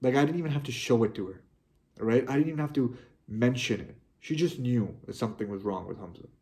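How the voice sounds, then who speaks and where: Soft-spoken young man, heartfelt. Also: mid-range voice. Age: young adult. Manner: heartfelt, halting with many restarts. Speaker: vlogger. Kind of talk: personal reflective monologue.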